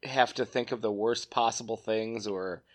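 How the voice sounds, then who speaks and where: A tipsy man co-hosting a podcast, slurring a little and pausing to search for words in casual chat. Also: on the low side, a little hiss or hum. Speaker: podcast co-host.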